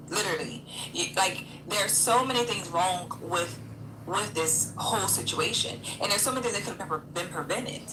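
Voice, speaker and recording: A woman's voice: medium pitch, moderate pace. A woman co-hosting a reaction video, questioning and blunt in casual commentary. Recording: roomy room with background noise.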